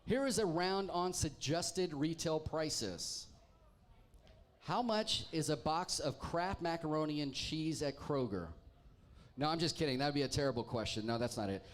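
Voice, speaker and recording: A man's voice: a little high, moderate pace. A man hosting a live pub trivia night, reading team names with wry, teasing jokes to the crowd. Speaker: trivia host. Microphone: handheld microphone.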